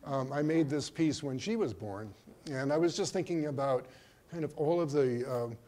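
An older man giving a slide lecture on his own work, speaking in a hesitant way with many pauses and restarts. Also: medium pitch, mellow. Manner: hesitant, full of ums and restarts. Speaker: artist giving a museum talk.

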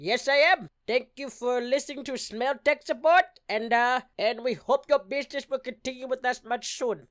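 A man's voice: very high voice, moderate pace, few pauses, a bit bright. A man voicing a bitter, rude male tech support agent with an Indian accent who rants and hurls insults at a caller. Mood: ranting. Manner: ranting, insulting, indignant. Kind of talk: comedic impression skit.

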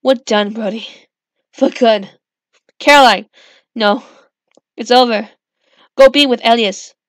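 A woman's voice: fairly high pitch, takes it slowly, dry recording. A woman reading a hurt, firm teen heroine. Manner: upset, firm.

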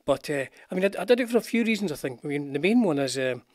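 An older Scottish man who hosts a guitar channel rambles about guitars during a casual live stream, chatting with viewers, greeting people in the chat and poking fun at himself. His voice is on the high side and darkish in tone, and he talks fast and animatedly. He wears headphones with a desk mic, and the studio-quality recording has no room sound.

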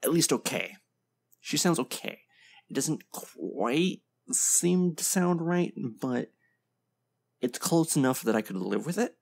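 A man's voice: a little high, big pitch swings, takes it slowly, creaky. A man hosting a casual reaction video, giving blunt, opinionated commentary full of ums and short laughs. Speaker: video game reaction host.

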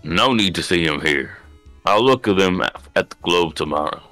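A man voicing a gruff old male snowflake master with a put-on Southern accent for a game play-through. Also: low voice, expressive, normal speed, sharp tone, no echo, soft background music. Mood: dismissive. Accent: put-on American Southern. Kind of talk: game voice-over for fun.

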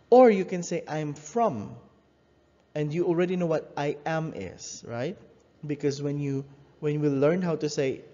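A fairly high-voiced man, teaching a French lesson in an explanatory way, pausing and correcting himself as he goes. His tone is mellow and dark, and the muffled, lo-fi recording carries a long hall reverb. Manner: explanatory, self-correcting, hesitant.

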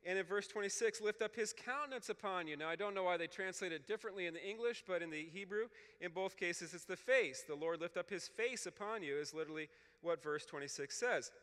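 Speaking briskly to a room of clergy at a retreat, a Bible scholar walks through scripture step by step, frequently asking "okay?" His high, crisp voice has a bright edge, and a long reverb follows every phrase.

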